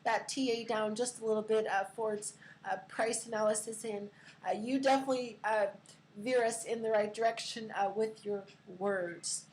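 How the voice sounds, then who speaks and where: High-voiced female host, giggly, chatty with fillers, casual stream. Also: steady tone, moderate pace, a little mellow, slight background noise, low-quality recording. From California. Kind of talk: casual live stream chat.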